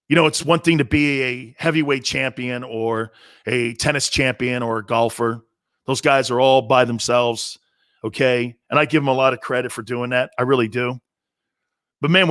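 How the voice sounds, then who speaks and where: In a dry, studio-quality recording, a man in his fifties delivers an opinionated sports talk-show monologue in a fairly bright, mid-range voice. He tells his stories bluntly and with fire, repeating himself often and breaking in with asides.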